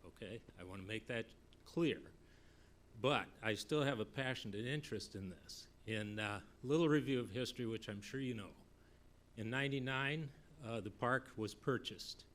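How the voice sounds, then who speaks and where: A man, a former council member, giving an earnest, measured public comment at a city council meeting, recalling history in a storytelling way. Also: medium pitch, fairly bright tone, a little hiss or hum. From Northeast Iowa.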